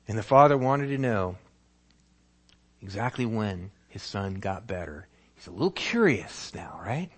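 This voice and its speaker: A man's voice: on the low side, measured pace, slightly rough. A male pastor preaching a sermon, telling a story vividly and acting out its scenes. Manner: animated storytelling, acts out scenes.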